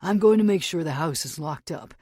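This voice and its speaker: A woman's voice: deep voice, expressive, brisk, mellow, dry recording, studio quality. A woman voicing an icy, controlling man in cold, clipped lines.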